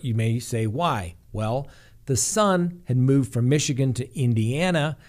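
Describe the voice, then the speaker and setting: A man's voice: medium pitch, a little mellow. A middle-aged man hosting a true crime news show, reading stories with wry, sarcastic asides. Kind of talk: scripted crime news commentary.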